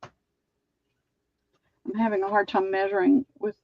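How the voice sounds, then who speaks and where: A woman's voice: medium pitch, flat delivery, slow pace, no room sound. Woman, live sale host, chatty, describes items, dry, muffled lo-fi. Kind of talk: live-streamed sale pitch.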